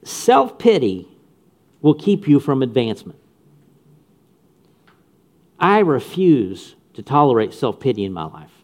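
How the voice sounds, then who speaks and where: A man's voice: mid-range voice, sing-song, a little slow, pauses often, darkish tone. A man preaching a sermon with punchy humor and repeated phrases for emphasis. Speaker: pastor.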